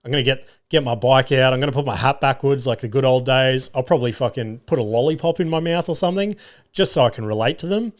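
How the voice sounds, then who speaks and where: A man, hosting a solo podcast and telling sweary, animated stories about family life. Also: medium pitch, fast. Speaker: podcast host.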